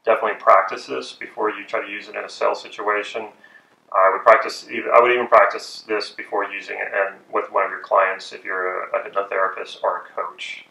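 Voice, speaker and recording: A man teaching persuasion techniques in a measured, deliberate way with pauses. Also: fairly low pitch, level tone, gravelly, bright, forceful tone. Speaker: persuasion and hypnosis instructor. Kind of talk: instructional talk. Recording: echoey room, distant from mic.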